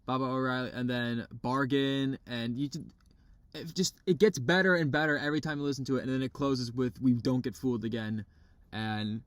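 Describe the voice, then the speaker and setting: A man co-hosting a podcast from a parked car, chatting casually and excitedly about albums, swearing freely. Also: medium pitch, fairly quick, no echo. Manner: excitable, swears, imitates vocals. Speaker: podcast co-host. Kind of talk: casual chat.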